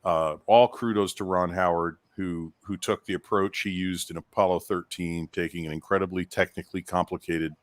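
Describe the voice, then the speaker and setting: A man's voice: deep voice, steady tone, moderate pace, hardly any pauses, dry recording. A man talking in a casual chat as a podcast co-host, telling stories in a rambling way with many restarts.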